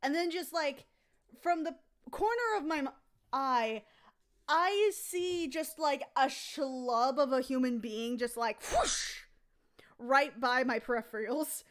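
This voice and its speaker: A woman's voice: sits high, unhurried. A woman casually telling a rambling, profane anecdote on a live stream. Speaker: comic artist streaming.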